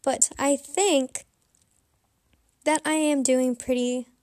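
A woman's voice: sits high, steady tone, slow, a little mellow, no room sound, clean studio sound. A young adult woman telling a candid, rambling personal story in a casual confessional vlog. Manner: candid, rambling, self-reflective. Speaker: vlogger.

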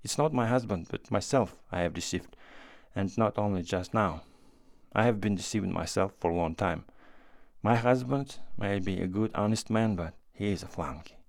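A man reading the part of a remorseful, tearful young woman in a classic story, with a low, gravelly voice and pleading, self-accusing speech. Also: normal speed, darkish tone, no echo, clean studio sound. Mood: anguished.

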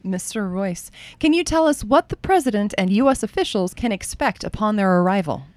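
A woman's voice: medium pitch, animated, fairly quick, no room sound. A woman hosting a comedy news radio parody as a dry, patient interviewer. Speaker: radio show host.

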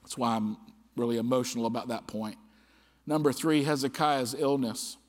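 In a church sanctuary with long reverb, a pastor reads scripture aloud in a medium-pitched voice at a normal pace. His emphasis rises and grows impassioned as he preaches.

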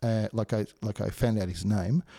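A man, co-hosting a podcast and telling animated stories with laughs. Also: moderate pace, no echo, clean studio sound. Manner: animated, laughing storyteller, pitch jumps when excited. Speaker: podcast co-host. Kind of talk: casual chat, anecdote.

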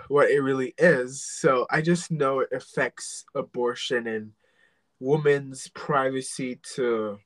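Slow, hesitant man chatting. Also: mid-range voice, steady tone, fairly bright tone, low-quality recording. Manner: hesitant, full of restarts and trailing thoughts. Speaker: podcast co-host. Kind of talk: casual chat.

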